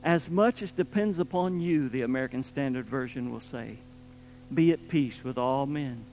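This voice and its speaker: A man preaching a sermon with emphatic delivery, swinging between loud stressed points and quiet low asides. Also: normal speed, soft background music, rough recording.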